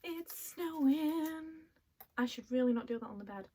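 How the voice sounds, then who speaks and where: A woman chatting casually as she unboxes items at home, excitable and quick to laugh. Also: on the high side, noisy background. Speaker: vlogger. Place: at home, in a bedroom.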